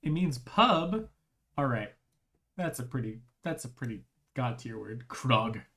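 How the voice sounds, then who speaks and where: Slow, rambling streamer with a strained voice. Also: medium pitch. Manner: rambling, repeats and restarts phrases. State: voice strained, clearing throat. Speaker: live streamer. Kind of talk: casual live-stream chat.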